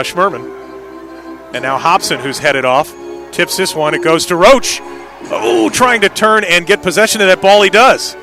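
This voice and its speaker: A man calls live play-by-play for an indoor soccer match, his quick calls climbing sharply whenever a big play happens. His voice sits on the high side, pushed and bright.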